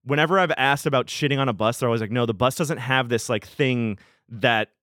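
A man's voice: medium pitch, fairly quick, a bit bright, dry recording, clean studio sound. A man who tours as a DJ, chatting casually as a podcast guest and telling rambling, profane stories. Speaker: touring DJ guest.

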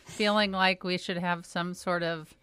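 A middle-aged woman co-hosting a comedy podcast, chatting casually with dry, deadpan teasing. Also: on the low side, unhurried, smooth. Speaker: podcast co-host.

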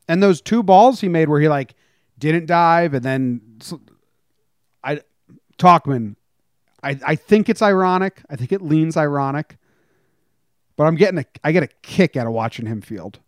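A laid-back man co-hosting a sports podcast, joking and easygoing. His voice sits a bit high for a man. The recording is close and dry. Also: lively intonation, normal speed, long pauses, no echo. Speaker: podcast co-host. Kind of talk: casual sports chat.

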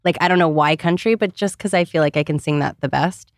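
A woman's voice: lowish voice, fast talker, dry recording, clean studio sound. A woman in her thirties from Ohio, chatting as a podcast guest in a bubbly way, full of "like" fillers. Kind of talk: casual chat.

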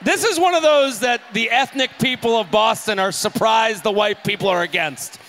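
A podcast co-host whose voice sits high and a bit bright riffs jokes with the crowd on a theater stage. It's quick, comedic live-podcast banter.

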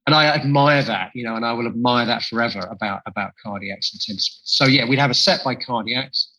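A man's voice: mid-range voice, fairly quick, bright, forceful tone, low-quality recording. A man being interviewed as a musician guest, talking with enthusiasm and reflection, often restarting phrases. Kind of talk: podcast interview conversation.

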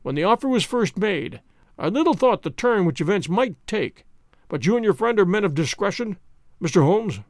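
Haughty aging duke, read by a man, lower and gravelly, clipped and commanding. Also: very animated, moderate pace, no room sound, studio quality. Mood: subdued. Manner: stately, curt and commanding. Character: stern, proud older nobleman, a duke.

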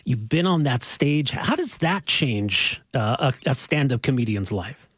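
A man hosting a radio interview, asking lively, friendly questions. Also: medium pitch, a little slow, breathy edge, dry recording. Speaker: radio host.

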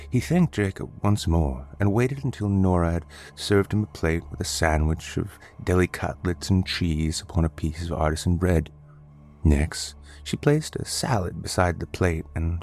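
A man reading a story aloud as narrator, in a measured, descriptive way. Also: low voice, a little mellow. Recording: faint background music.

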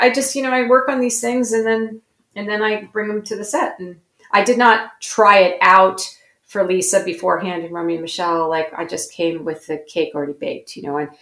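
A woman's voice: medium pitch, fairly bright tone, roomy sound. A woman being interviewed as a guest actor, telling stories in a reflective, self-correcting way. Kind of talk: interview conversation.

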